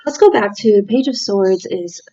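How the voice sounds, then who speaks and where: A woman giving a tarot reading from a room at home, talking in a slow, halting, reflective way with many fillers. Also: medium pitch, expressive, warm tone, highs cut off. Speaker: tarot reader.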